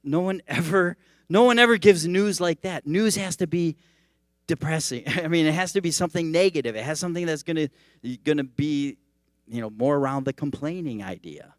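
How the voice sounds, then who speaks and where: A man's voice: fairly high pitch, normal speed, no room sound, clean studio sound. A male teaching pastor giving a sermon in a conversational, storytelling manner. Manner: conversational, animated storytelling preaching.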